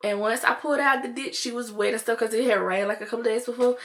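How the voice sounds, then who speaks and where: A young woman vlogger telling a story in a casual, animated way, full of "like" and acted-out quotes. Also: on the high side, fast talker. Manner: animated, chatty, heavy use of "like", acts out quotes.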